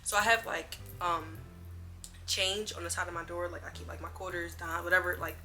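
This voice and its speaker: Animated young woman telling a storytime. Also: lowish voice, moderate pace, faint music behind. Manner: animated, slangy storytelling with quoted dialogue. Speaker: vlogger. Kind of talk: casual storytime.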